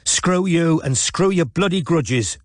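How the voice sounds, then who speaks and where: A man voicing a tense young woman who turns fierce, speaking clipped and shouting in an audiobook. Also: medium pitch, lively intonation, fairly quick, no echo, clean studio sound, voice pushed up, natural voice. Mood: furious. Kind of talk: audiobook character voice.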